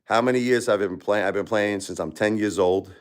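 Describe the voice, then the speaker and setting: A brash, excitable man in his forties from Brooklyn with a New York accent, chatting casually on a livestream between songs and laughing often. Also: on the low side, fairly quick. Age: 40s. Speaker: livestream pianist and singer. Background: faint piano music.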